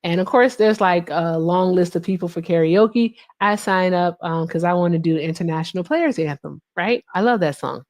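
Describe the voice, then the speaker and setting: A woman's voice: lowish voice, moderate pace, few pauses. A woman livestream host telling a story in casual chat, swearing often and laughing as she talks. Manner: profane, laughing, animated storyteller.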